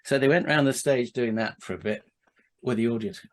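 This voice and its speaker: A man's voice: medium pitch, moderate pace. A man, a podcast guest, telling a casual anecdote with frequent restarts, asides and laughter.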